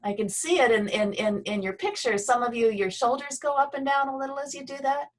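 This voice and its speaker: A woman teaching a Feldenkrais movement and voice lesson on a video call, guiding slowly and gently with pauses. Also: sits high.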